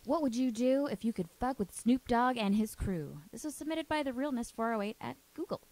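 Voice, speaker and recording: A woman reads listener questions on a casual podcast and teases the hosts playfully. Her voice is fairly high and very lively in its pitch, with a close, dry sound. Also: fairly quick, no echo.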